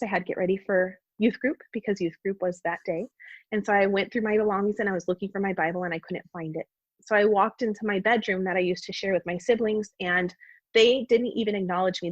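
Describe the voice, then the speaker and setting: A woman with a medium-pitched voice shares a personal faith story as a guest on a podcast, sounding earnest and heartfelt. It's a personal testimony told in conversation, and the podcast audio is dull and dry.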